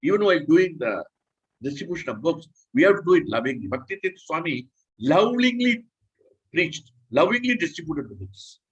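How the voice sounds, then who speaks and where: A man's voice: a little high, big pitch swings, brisk, slightly rough, highs cut off. A man preaching a scripture class in an earnest, repetitive, instructive way.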